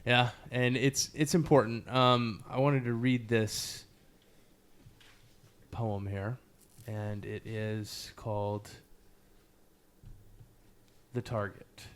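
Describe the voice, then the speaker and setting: A man's voice: mid-range voice, clean tone. A man, a podcast guest, telling stories casually with lots of fillers and self-mocking laughs. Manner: animated, laughs at himself, many fillers; slow, measured poetry reading. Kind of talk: casual storytelling interview.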